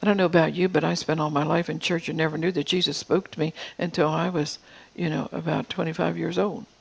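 A preacher in their fifties or older giving an earnest sermon in a church, often dropping to a soft whisper for emphasis and repeating words. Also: mid-range voice, level tone, quick pace, vocal fry, slightly rough, low-quality recording. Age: 50s or older.

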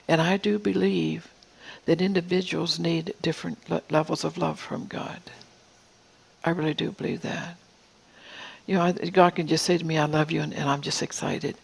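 A preacher in their fifties or older giving an earnest sermon in a church, often dropping to a soft whisper for emphasis and repeating words. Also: medium pitch, moderate pace, gravelly, husky, low-quality recording. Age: 50s or older.

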